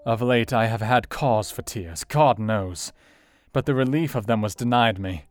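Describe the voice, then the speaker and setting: An actor playing an earnest, grave Victorian male doctor in a dramatized reading of a classic novel, with a formal, gentle and solemn manner. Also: mid-range voice, unhurried, faint music behind, lightly acted.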